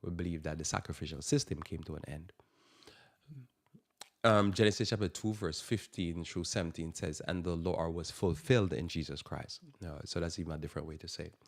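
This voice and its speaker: Deep-voiced man preaching on radio. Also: fairly even intonation, brisk. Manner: emphatic, repeats phrases for stress. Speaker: radio talk show host. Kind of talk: preaching Bible talk.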